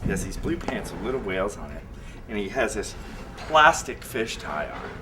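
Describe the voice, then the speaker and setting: A man's voice: lowish voice, normal speed. A man, a head chef, telling stories in an interview and acting out the voices of others. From Canada. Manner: animated, acts out quoted voices. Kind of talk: interview storytelling. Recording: distant mic with loud ambient noise.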